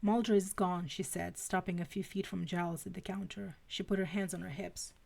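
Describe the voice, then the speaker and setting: A woman's voice: on the low side, flat delivery, fairly quick, gravelly, a little mellow, husky. A woman reading fanfiction aloud on a live stream, stumbling and restarting now and then. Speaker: fanfiction reader.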